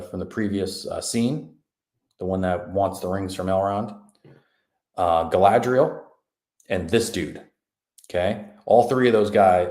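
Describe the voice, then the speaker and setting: Deep-voiced rambling man. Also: darkish tone. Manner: rambling, forgetful, laid-back. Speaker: podcast host. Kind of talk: casual episode recap. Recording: echoey room.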